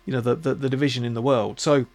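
A man hosting a podcast, talking in a musing, halting way with many restarts. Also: medium pitch, little pitch movement, a little mellow. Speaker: podcast host. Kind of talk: casual reflective monologue.

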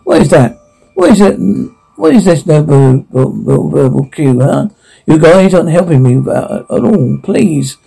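An actor playing a captive man in an audio drama, furious and panicked, swearing and shouting in alarm. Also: on the high side, big pitch swings, unhurried, vocal fry, husky, soft background music, exaggerated voice, low-quality recording.

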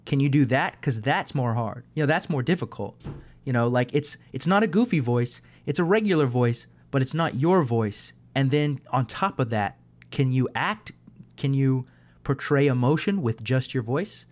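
A man hosting a casual chat, talking in an animated way and working through examples. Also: mid-range voice, normal speed.

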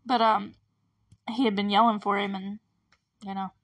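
A woman's voice: mid-range voice, little pitch movement, moderate pace, fairly bright tone. Woman host, casual recap, rambling, giggly, filler-heavy. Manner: rambling, full of fillers and frequent laughs. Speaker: podcast host.

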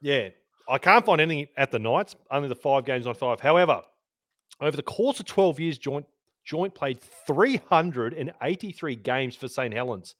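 A man's voice: medium pitch, animated, normal speed, fairly bright tone, no room sound, studio quality. A man co-hosting a casual sports podcast, laughing often, swearing and reading out player stats. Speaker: podcast co-host.

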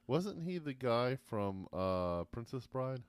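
A man co-hosting a podcast in casual chat, playful and teasing with quick jokey remarks. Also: mid-range voice, sing-song, clear, resonant tone, no room sound. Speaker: podcast co-host.

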